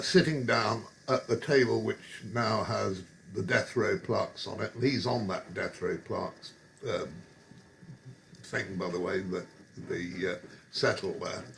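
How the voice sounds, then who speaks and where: Creaky-voiced man telling pub tales. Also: lowish voice, fairly bright tone. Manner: chuckling, digressive and wry. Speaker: storyteller. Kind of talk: rambling pub anecdote.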